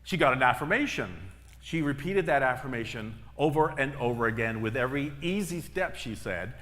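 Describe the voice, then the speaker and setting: A man's voice: medium pitch, expressive, moderate pace, a bit bright. A middle-aged man preaching a sermon as minister, telling stories with emphatic, repeated phrases. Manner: storytelling with emphatic repetitions. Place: church sanctuary. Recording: reverberant church hall.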